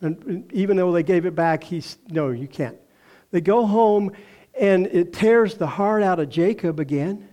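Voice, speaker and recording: A man's voice: high-pitched, moderate pace, warm tone. An older man with a Texan accent preaching a sermon, telling stories in a folksy way and acting out the voices he quotes. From Texas. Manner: folksy storytelling, acts out quoted voices, laughs often. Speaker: pastor.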